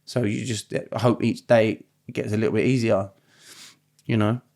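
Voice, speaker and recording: A man, a podcast guest, talking in a halting, tearful way that trails off into near-silence. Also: on the low side, fairly even intonation, vocal fry, a little mellow. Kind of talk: emotional podcast conversation.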